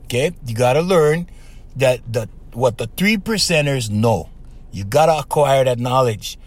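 Animated man hosting a podcast. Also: mid-range voice, normal speed. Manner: lively, emphatic, repeats "okay" and "right". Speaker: podcast host. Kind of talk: casual advice monologue.

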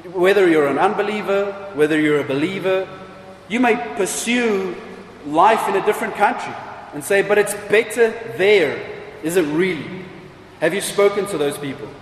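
A high-voiced man preaches in a church hall, stacking up emphatic rhetorical questions and repeated phrases. His voice carries a long, roomy reverb, with faint ambience behind it. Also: slight background noise. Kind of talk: sermon.

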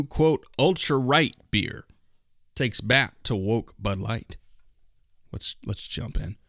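A man's voice: mid-range voice, a bit bright, no echo, studio quality. A man hosting a solo political commentary podcast, reading news aloud and riffing on it in a sarcastic, mocking, profane way. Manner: reads news aloud and riffs on it. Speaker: podcast host.

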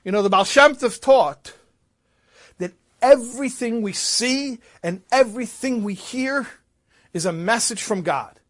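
A man, a rabbi, telling a story in a sermon, swinging from loud emphasis to hushed asides. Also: very high voice, measured pace.

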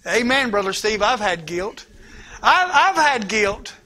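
A man delivers an impassioned sermon in a very high, bright voice. He swings from urgent, rising lines to hushed, almost whispered passages. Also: sing-song, unhurried. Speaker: pastor.

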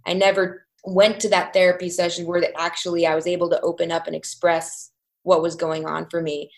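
A woman around thirty, telling her personal story as an interview guest in a candid, reflective way, halting at painful points. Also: fairly low pitch, level tone, gravelly.

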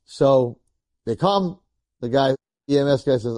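A man, a rabbi, telling a story in a sermon in a lively, conversational way, acting out the people in it. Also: mid-range voice, measured pace, dry recording, clean studio sound. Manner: animated, conversational, acts out quotes.

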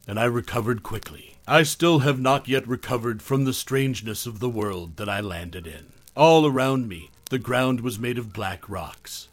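A man tells a first-person horror tale in a measured, scripted delivery. His voice sits at an ordinary middle pitch and often sinks quieter at the ends of phrases. The recording is dry and close, with no room sound. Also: no echo. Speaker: narrator.

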